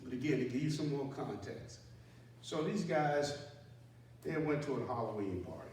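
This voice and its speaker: A man, once an army sergeant, tells a story from his own life in an easy, wry, self-mocking way. He sits at a middling pitch for a man. He is heard from well off-mic in a strongly echoing room, with faint background noise. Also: lively intonation, normal speed, far from the mic. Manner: conversational, self-deprecating, acts out panicked dialogue with sharp rises. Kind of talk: live personal storytelling. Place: indoor room at a community center.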